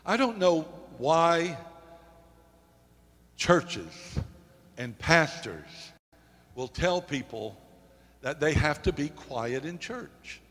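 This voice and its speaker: A male pastor preaching a sermon, rising to emphatic peaks and dropping to quiet, halting asides with repeated words. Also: a little high, sing-song, big-room sound. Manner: repeats words in false starts.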